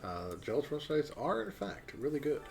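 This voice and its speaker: A man co-hosting a let's play, joking and mock-shouting in a casual commentary. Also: fairly high pitch, very animated, a little fast, creaky, faint music behind. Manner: playful, jokey, mock-shouting.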